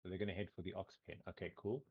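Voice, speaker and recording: A man runs a tabletop game and narrates the scene in a loose, rambling way, often stopping on "um" and repeating "cool". His voice sits low. The audio comes over a call and sounds dull and lo-fi. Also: fairly even intonation, rapid-fire, gravelly, husky. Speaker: game master.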